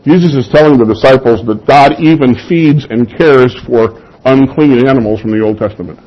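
A man with a husky, breathy voice delivering a sermon. He makes his points firmly, poses rhetorical questions and laughs softly now and then. The sound is dull and slightly muffled. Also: medium pitch, normal speed. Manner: emphatic, with rhetorical questions and soft chuckles. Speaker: pastor.

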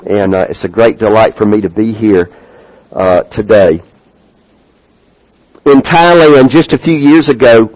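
A middle-aged man with a Southern US accent, a visiting pastor speaking to a church in a slow, folksy way full of "uh" fillers. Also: medium pitch, rough recording. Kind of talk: church address. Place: church sanctuary.

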